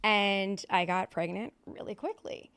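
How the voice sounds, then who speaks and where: Woman in her 30s telling her recovery story, blunt and candid, lots of um's and like's, mid pitch. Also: measured pace, fairly bright tone, clear, resonant tone. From Southern California. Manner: candid, blunt storytelling with frequent swearing and fillers. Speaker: podcast guest.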